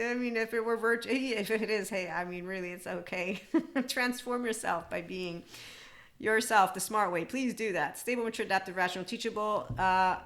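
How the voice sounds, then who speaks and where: A woman's voice: mid-range voice, normal speed, a bit bright. A woman hosting her own podcast, talking in a rambling, candid way, laughing often and swearing freely. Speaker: podcast host. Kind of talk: casual spoken monologue.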